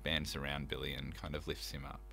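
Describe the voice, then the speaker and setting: A man's voice: very deep voice, level tone, a little fast, creaky, sharp tone, soft background music. A man talking about his theatre production in a casual interview, earnest and enthusiastic, with many fillers. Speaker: theatre director, guest.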